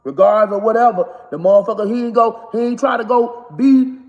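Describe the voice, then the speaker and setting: A woman's voice: fairly high pitch, fairly quick, dark tone, muffled recording. Woman in her forties, comedian-mom type, foul-mouthed and blunt, slipping into laughter mid-scold; cut in an echoey room with a long reverb tail. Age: 40s. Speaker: comedian and mother. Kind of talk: candid monologue to camera.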